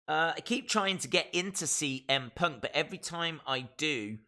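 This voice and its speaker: A man from the West Midlands, England, with a Black Country accent hosts a wrestling live stream. His voice is medium-pitched with a sharp tone, and he chats casually and opinionatedly, using frequent fillers and reading out viewer comments.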